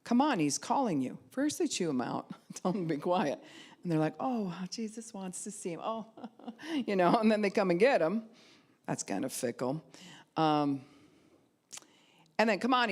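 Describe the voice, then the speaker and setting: A woman pastor preaching a sermon, retelling a scripture story with lively voices for its figures and rising to loud cries at its peaks. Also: fairly low pitch.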